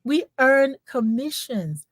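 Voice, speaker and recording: An older woman on a video-call livestream, telling her story with animated emphasis and repeating her key points. Her voice sits a little high, and the sound is dry and close, without room echo. She talks like an eager beauty consultant sharing her enthusiasm. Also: slow pace. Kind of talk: livestream testimonial chat.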